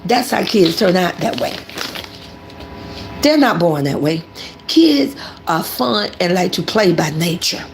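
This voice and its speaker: An older woman hosting casual livestream commentary, animated and preachy, talking about herself in the third person. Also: lowish voice, slow pace, pauses often, a little hiss or hum. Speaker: commentary channel host.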